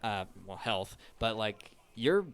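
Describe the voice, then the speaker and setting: A man's voice: lowish voice, very animated, slow, fairly bright tone, slight background noise. A man narrating a tabletop role-playing game as game master, loose and casual, with lots of ums and likes.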